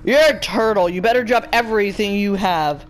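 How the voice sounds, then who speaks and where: A male gaming YouTuber giving excited, taunting commentary over voice chat, bossing another player around and yelling gleefully. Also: high-pitched, moderate pace, faint music behind. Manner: bossy, taunting, yells gleefully.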